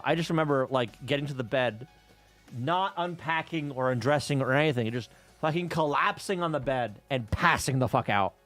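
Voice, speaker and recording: A man livestreaming, casually telling rambling travel stories to his viewers with plenty of swearing. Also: mid-range voice. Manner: profane, rambling travel storytelling. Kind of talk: casual chat with stream viewers.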